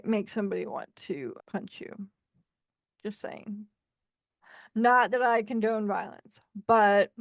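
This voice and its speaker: In a dry, studio-quality recording, a woman with a fairly high voice co-hosts a podcast. She frankly and animatedly tells stories from her own life, often acting out the voices of other people.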